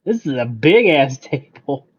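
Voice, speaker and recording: A man's voice: medium pitch, very animated, unhurried, slightly rough, dull audio. A man playing a tabletop game, asking about the map and joking. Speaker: player. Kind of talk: casual tabletop play.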